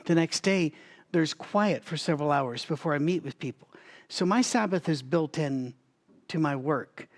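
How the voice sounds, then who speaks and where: At normal speed and with a voice on the high side, a man conducts a Bible study in a conversational way. He thinks aloud, doubles back with restarts and asides, and coughs periodically.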